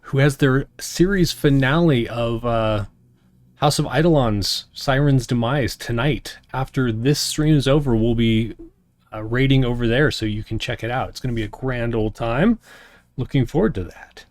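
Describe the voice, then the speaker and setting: A man hosting and narrating a solo tabletop game on a stream in a slow, deliberate storytelling voice. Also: mid-range voice, no echo. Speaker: game master and host.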